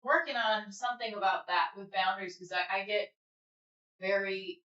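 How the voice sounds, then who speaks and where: Hey, bright-voiced woman chatting on a livestream, rambly and candid, cussing freely, roomy muffled audio. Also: medium pitch, normal speed. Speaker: livestream host. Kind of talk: casual chat with live viewers. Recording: echoey room, slightly dull audio.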